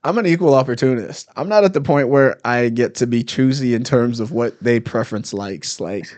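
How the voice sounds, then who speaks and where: Comedian guest, male, mid-pitched, lively storyteller in loose chat. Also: normal speed. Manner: animated storyteller, laughs often. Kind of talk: casual podcast chat. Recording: live stream, studio mic.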